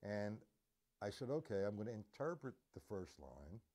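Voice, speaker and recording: A man's voice: lowish voice, big pitch swings, moderate pace, dark tone, soft background music. A man teaching drums on a live stream, talking casually and counting out beats as he demonstrates. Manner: casual, demonstrative, counts beats aloud and scats drum sounds. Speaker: drum teacher. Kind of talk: live-streamed drum lesson.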